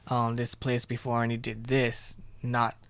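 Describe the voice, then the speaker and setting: A man's voice: medium pitch, completely flat delivery, a little slow, fairly bright tone, clear, resonant tone, no room sound. A man co-hosting a podcast, telling a long restaurant story in casual chat and acting out the quoted dialogue. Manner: rambling storyteller, retells scenes with quoted dialogue. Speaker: podcast co-host.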